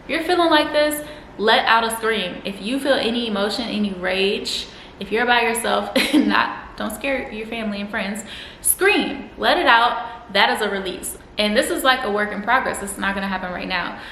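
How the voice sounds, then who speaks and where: A bright, expressive young woman with a twang speaks candidly straight to the camera. She is blunt, swears freely and acts out her own angry moments with animated energy. Her voice rings a little in an echoey room. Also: mid-range voice, moderate pace, a little hiss or hum. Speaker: vlogger. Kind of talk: candid self-help talk to camera.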